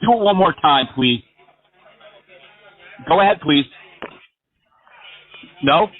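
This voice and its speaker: A man placing a prank call, his voice set a little high for a man. He rambles through absurd schemes in a mocking tone. The audio comes through a thin, phone-like band. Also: expressive, slow. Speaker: scam-baiting prank caller.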